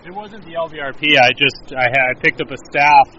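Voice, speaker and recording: A man chatting outdoors, quiet and matter-of-fact. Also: fairly high pitch, steady tone, brisk, dull audio. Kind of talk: casual outdoor chat.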